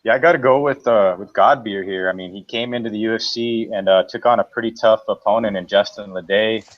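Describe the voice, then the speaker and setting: Co-host, male, lowish voice, halting picks over muffled lo-fi audio. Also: no echo. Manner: halting, many fillers. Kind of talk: casual fight analysis.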